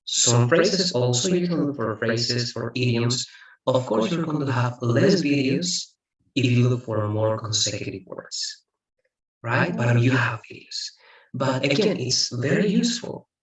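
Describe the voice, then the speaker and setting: Guy tutoring english online, loops back on himself a lot, echoey room, sits far from the mic. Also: medium pitch. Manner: rambling, with frequent restarts and repeated "again". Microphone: video call.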